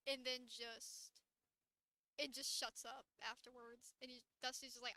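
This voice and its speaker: A woman's voice: high-pitched, a little slow, sharp tone, no room sound. A woman chatting casually on a livestream, giggling often and swearing offhandedly as she talks about her characters.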